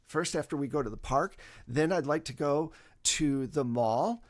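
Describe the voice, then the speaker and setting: A man voicing an excited girl of about five who chatters eagerly. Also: on the high side, moderate pace, lightly acted.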